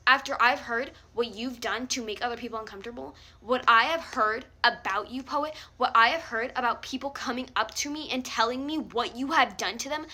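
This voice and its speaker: A woman's voice: a little high, pushed and bright. A young woman delivering a heated, confrontational rant straight to the camera, swearing often. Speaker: vlogger calling someone out. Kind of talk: angry direct-to-camera rant.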